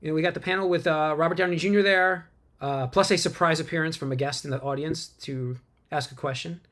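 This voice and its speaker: A man hosts a laid-back movie news chat with a somewhat high voice. He rambles, stumbles over names and laughs easily as he goes. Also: steady tone, fast talker, fairly bright tone. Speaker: podcast host.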